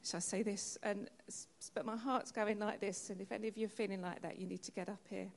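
A woman's voice: mid-range voice, steady tone, fast talker, gravelly, a little hiss or hum. A woman giving a reflective, conversational testimony to a church congregation, speaking straight to the listeners. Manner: conversational and reflective, addresses the crowd directly.

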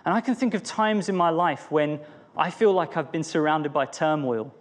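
Earnest young preacher, higher voice. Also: male voice, normal speed. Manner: earnest, personal, with many restarts. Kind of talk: devotional talk.

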